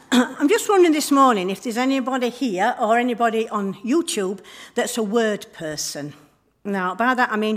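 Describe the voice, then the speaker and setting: Chatty woman giving church notices. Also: on the high side. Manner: chatty, friendly, frequent ums and throat clearing. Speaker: church leader giving notices and a children's talk. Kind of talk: church notices and informal sermon. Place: church service.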